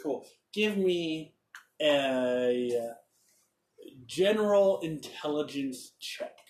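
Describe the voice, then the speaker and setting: A man's voice: on the high side, animated, extremely slow, a little mellow, far from the mic. Rambling man running a tabletop game. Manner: rambling, hesitant. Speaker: game master. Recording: roomy echo, off-mic.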